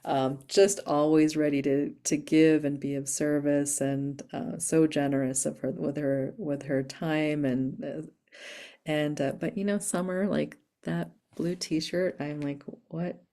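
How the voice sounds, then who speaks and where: A woman's voice: low voice, steady tone, a little slow, warm tone. A woman leading a breathing workshop, teaching in a chatty way, laughing often and asking "right?" as she goes. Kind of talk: casual teaching talk. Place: Boise, Idaho.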